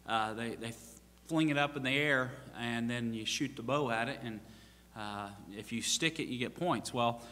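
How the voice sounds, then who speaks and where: A man serving as pastor tells a rambling, self-mocking story from the pulpit, full of "uh"s and restarts. His voice has a bright, tense edge. A long reverb from the church sanctuary trails each phrase. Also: mid-range voice. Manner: joking, self-mocking, many fillers and restarts.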